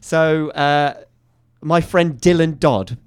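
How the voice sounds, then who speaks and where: A comedian telling animated anecdotes as a guest in a radio studio. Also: male voice, a little high, slow, clean tone. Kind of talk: storytelling on a radio chat show.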